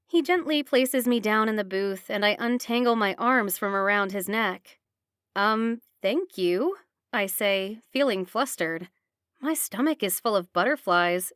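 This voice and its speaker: A woman reading a first-person romance audiobook with steady, expressive narration. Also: on the high side, clear, resonant tone, dry recording, clean studio sound.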